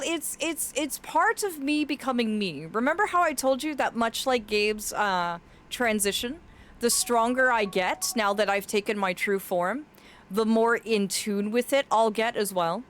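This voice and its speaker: A woman streaming, chatting casually and affectionately with her chat, her voice cracking now and then. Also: a little high. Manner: affectionate, reads chat aloud, often laughs.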